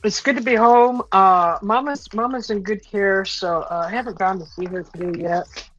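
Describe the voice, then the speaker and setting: A woman's voice: medium pitch, normal speed, a bit bright. Chatty woman hosting a home livestream. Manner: chatty, rambling, many "uh" fillers, laughs often. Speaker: livestream host. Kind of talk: casual livestream chat, reading viewer comments. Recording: dull lo-fi stream audio, faint music.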